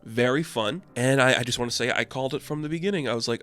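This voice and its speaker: A man's voice: medium pitch, quick pace, fairly bright tone, faint music behind. A man recapping and reviewing a comic issue in a chatty, opinionated way, full of "like". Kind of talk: casual recap and commentary.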